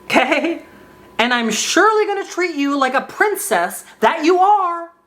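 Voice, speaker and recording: A wheedling older sugar daddy coos his offers in a sugary little voice, as a man puts him on, pitched well above his usual register. The tone swoops and lilts to make every line sound sweet. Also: big pitch swings, a little slow, fairly bright tone, heavily acted. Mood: syrupy sweet.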